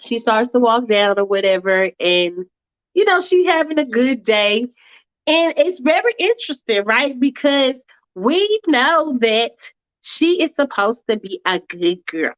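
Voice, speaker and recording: A woman's voice: on the high side, big pitch swings, a little slow, highs cut off. A woman casually telling a fan-fiction story in a chatty, slangy way with many asides.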